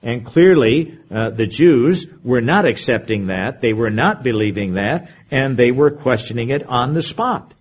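Husky-voiced man teaching a sermon. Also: animated, measured pace, hardly any pauses. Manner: reads scripture aloud with emphasis, then comments in a lower, conversational tone. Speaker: preacher. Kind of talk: sermon, verse-by-verse Bible teaching.

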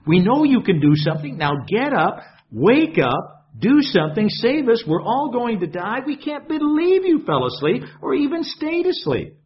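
A man's voice: very high-pitched, pitched above the performer's own voice. A man voicing panicked disciples in a storm-tossed boat, pleading and scolding frantically. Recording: dull lo-fi sound.

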